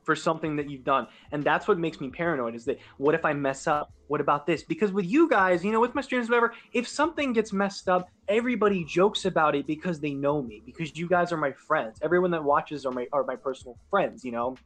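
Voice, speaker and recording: A man's voice: on the high side, fast, hardly any pauses, fairly bright tone. A young man in casual podcast chat, talking in an earnest, rambling, self-doubting way. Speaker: podcast guest and sports announcer.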